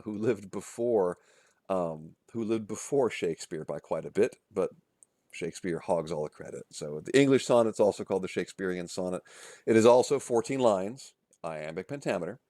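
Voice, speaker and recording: Male literature teacher, very low voice, dry close sound, casual lecture with lots of "um" and tag questions. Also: mellow, dry recording. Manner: casual, many fillers and restarts, checks in with "okay?" and "right?"; chants rhythms and rhyme schemes aloud. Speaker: literature instructor. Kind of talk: recorded lecture.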